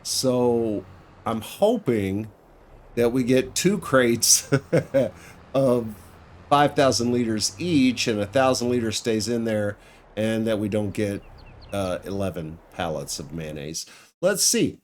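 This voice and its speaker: In his farming game let's play, a man muses aloud in casual commentary, punctuated by small laughs. His voice sits on the low side, lively in intonation but slow in pace.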